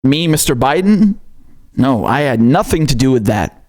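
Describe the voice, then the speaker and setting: A man's voice: mid-range voice, sing-song, moderate pace, a little mellow, natural voice. A man doing a sarcastic impression of an older male politician who feigns innocence. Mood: mock innocent.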